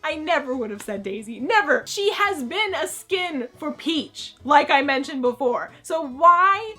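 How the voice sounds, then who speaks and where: A woman chatting excitedly about video games in a casual vlog, jumping between jokes and hype. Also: sits high, a little slow, faint music behind. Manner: excitable, animated, jokey. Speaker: gaming vlogger.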